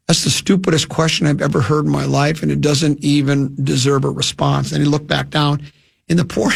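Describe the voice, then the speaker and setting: Gravelly man rambling through a story. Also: on the high side. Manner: rambling storytelling with many restarts. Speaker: radio host. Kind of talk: sports talk radio.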